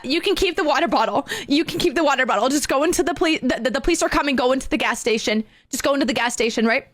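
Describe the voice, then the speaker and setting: A woman telling a story with animated excitement, acting out each voice in it and laughing often. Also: fairly high pitch, fast, few pauses, dry recording. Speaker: streamer.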